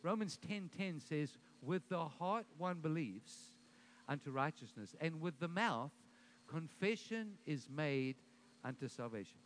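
High voiced pastor guy preaching, repeats his words, gets loud on the declarations, faint room noise. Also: expressive, measured pace. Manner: repeats words when starting sentences, builds to loud declarations. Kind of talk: sermon. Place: church service.

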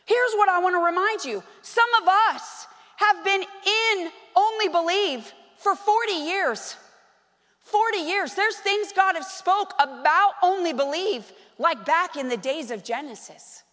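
High-voiced woman preaching in a reverberant hall. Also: unhurried. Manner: animated, conversational preaching with bursts of emphasis. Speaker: pastor. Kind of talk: sermon. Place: church sanctuary. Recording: long reverb of a large hall.

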